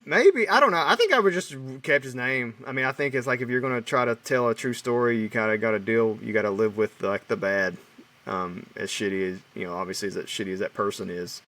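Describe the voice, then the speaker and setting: A man's voice: mid-range voice, fairly quick, fairly bright tone, distant mic. A man co-hosting a film podcast in casual chat, rambling and hesitant with many restarts. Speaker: podcast co-host.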